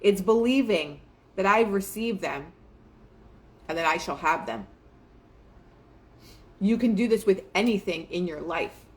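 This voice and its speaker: A woman's voice: medium pitch, a little slow, long pauses. Chatty woman hosting motivational talk. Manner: chatty, filler-heavy, quotes herself and others in lively asides. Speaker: manifestation show host.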